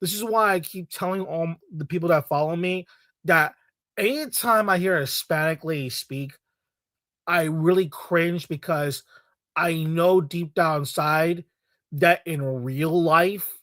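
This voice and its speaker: A man's voice: a little high, unhurried, fairly bright tone, no echo, clean studio sound. A man from Latin America delivering a heated, profane rant to camera as a video commentator, repeating himself and swearing often.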